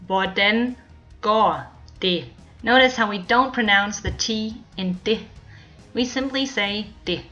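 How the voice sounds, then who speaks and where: A woman from Denmark teaching a language lesson, repeating each phrase slowly and clearly for learners. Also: mid-range voice, sharp tone, lo-fi sound. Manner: clear, slow model pronunciation with repeated phrases.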